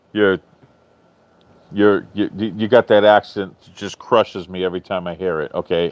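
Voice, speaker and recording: A man with a fairly low voice hosts a casual live stream, talking back to viewers' comments. He is chatty and animated, swears freely and laughs often. The audio is dull and lo-fi, with a dry sound. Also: measured pace, no echo.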